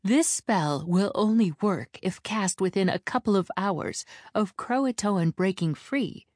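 A woman's voice: lowish voice, darkish tone, no room sound, clean studio sound. A woman voicing a stern, commanding female elder witch who speaks in clipped, authoritative lines in an audiobook.

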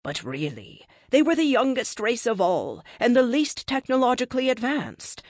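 A woman's voice: fairly high pitch, sing-song, moderate pace, no room sound, clean studio sound, voice pushed up. A woman voicing a questioning, frustrated cosmic being in a science fiction story, asking pressing questions. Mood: insistent. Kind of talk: audiobook character reading.

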